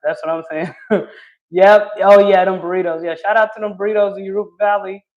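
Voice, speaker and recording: A woman's voice: mid-range voice, fairly even intonation, brisk. Woman, laughs a lot, chatty, casual stream talk, dull lo-fi sound. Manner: laughs often, chatty, answers viewer comments. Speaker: livestream host reading chat. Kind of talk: casual opinion chat.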